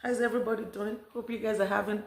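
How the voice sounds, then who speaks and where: A woman's voice: medium pitch, steady tone, quick pace, creaky, noisy background. A woman from Nigeria chatting casually to her viewers in a vlog, addressing them directly. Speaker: vlogger. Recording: echoey room.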